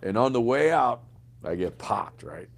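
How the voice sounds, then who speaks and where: A man in his sixties, an army veteran and podcast guest, telling stories in an animated way, swearing often and calling the listener man and bro. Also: mid-range voice, unhurried. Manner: animated, profane, says man and bro a lot. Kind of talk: storytelling in a podcast interview.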